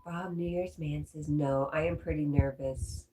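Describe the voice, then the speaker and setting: Woman, low voice, unhurried, stuffy-nosed, livestream host reading chat. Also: fairly even intonation, mellow, slight background noise. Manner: reads viewer comments aloud, chatty and friendly. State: stuffy, congested.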